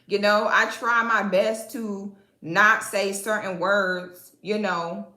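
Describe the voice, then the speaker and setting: A woman's voice: medium pitch, fairly even intonation, slow, roomy sound. A woman from Central Florida with a Southern accent, hosting a live stream and talking bluntly and sassily to her viewers with plenty of cursing. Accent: Southern American, Florida. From Central Florida, USA. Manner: sassy, profane, sharp comebacks.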